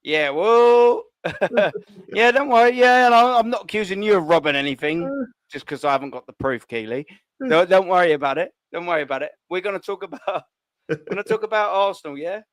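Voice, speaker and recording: A man's voice: high voice, brisk, clean tone, dry recording. Joking, swearing man. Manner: swearing, joking, laughing often. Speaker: live stream host. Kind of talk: casual live chat.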